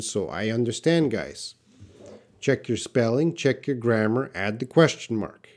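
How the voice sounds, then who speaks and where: A Canadian man hosts a live English Q&A, working through viewers' comments one by one. He talks to them directly and bluntly. His voice sits at an ordinary, mid-range pitch for a man. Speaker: English teacher. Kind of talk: live-stream Q&A lesson.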